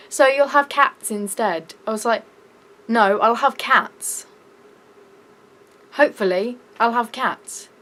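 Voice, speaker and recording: Rant vlog: young British woman, raised and exasperated, a bit high, slow delivery. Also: low-quality recording. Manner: shouty, exasperated, breaks into laughs. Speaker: vlogger. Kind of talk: ranting vlog.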